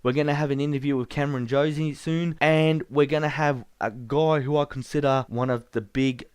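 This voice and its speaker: A man's voice: a little high, steady tone, a little fast, clean tone, dry recording, studio quality. A man hosting a casual podcast, chatty with frequent ums. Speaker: podcast host.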